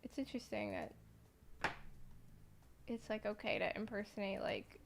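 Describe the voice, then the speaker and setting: A woman's voice: medium pitch, expressive, moderate pace, vocal fry, slight background noise. A woman streamer chatting casually with her viewers while she draws their art requests, joking as she works. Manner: joking, chatty, talks to chat while working. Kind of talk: casual livestream chat while drawing.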